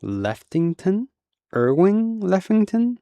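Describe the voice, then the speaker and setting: A man's voice: mid-range voice, normal speed, a little mellow, no room sound, close to an everyday voice. A man voicing a jittery, star-struck pudgy deputy. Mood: surprised. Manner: eager, trembling, deferential.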